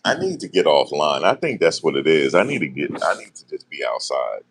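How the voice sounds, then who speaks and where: Very deep, gravelly-voiced man rambling. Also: a little fast, slight background noise. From New Jersey, USA. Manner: deadpan, musing, slangy, repeats himself. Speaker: vlogger. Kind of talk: casual rambling monologue.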